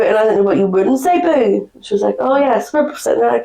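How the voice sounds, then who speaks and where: A woman co-hosting a podcast, telling stories in a chatty, animated way, a little under the weather from a cold. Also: high-pitched, a little fast, vocal fry. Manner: chatty storyteller, animated quoting. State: recovering from a cold. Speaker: podcast co-host. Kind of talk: casual chat. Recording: echoey room.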